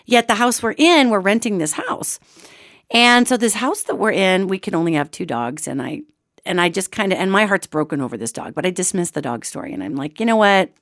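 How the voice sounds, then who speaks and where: Brief: woman host, chatty storyteller, lively swooping pitch, dry close sound. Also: fairly quick, no room sound. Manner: animated and chatty, addresses listeners as gang. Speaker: radio show host. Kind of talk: casual anecdotal storytelling.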